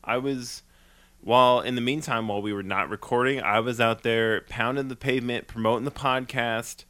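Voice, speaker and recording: A man's voice: mid-range voice, steady tone, moderate pace, pushed and bright. A man co-hosting a podcast, chatting casually in a rambling, jokey way. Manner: rambling, jokey, puts on silly voices. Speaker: podcast co-host. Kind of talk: casual comedic podcast chat.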